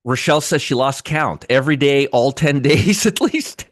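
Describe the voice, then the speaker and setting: A man's voice: mid-range voice, lively intonation, normal speed, no echo. A man hosting a casual live market commentary, sarcastic and repetitive, answering chat viewers by name. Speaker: trading show host.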